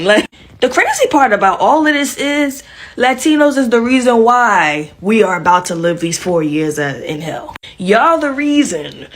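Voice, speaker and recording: Woman, very high voice, indignant reaction rant. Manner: indignant, blaming. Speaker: social media commentator. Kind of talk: ranting reaction video.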